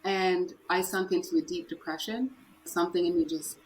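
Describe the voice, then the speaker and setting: A woman's voice: on the low side, fairly even intonation, moderate pace, darkish tone, slight background noise, rough recording. A woman from Canada, a podcast guest, candidly retelling hard personal memories in an earnest, conversational way. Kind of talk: personal storytelling interview.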